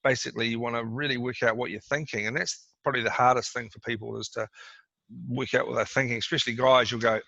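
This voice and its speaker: Gravelly New man explaining, lo-fi. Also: medium pitch, fairly even intonation, fast, sharp tone, dry recording. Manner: conversational, repeats words, acts out quoted exchanges. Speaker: doctor giving advice. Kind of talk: casual explanatory interview talk. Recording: dry, dull lo-fi sound.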